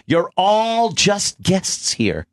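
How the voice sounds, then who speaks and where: A man on a radio talk show, talking slowly with a slightly high voice. He mocks people with dry sarcasm and laughs a lot between remarks. Middle-aged and relaxed in casual banter. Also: no room sound. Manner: sarcastic, mocking, laughs often.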